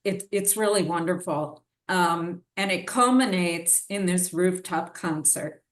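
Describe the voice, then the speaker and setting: A woman hosting a lecture, with a measured manner, leading into her questions. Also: on the low side. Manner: measured, backchanneling host. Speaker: lecture host and interviewer. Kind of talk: hosted lecture conversation. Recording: distant mic in echoey hall.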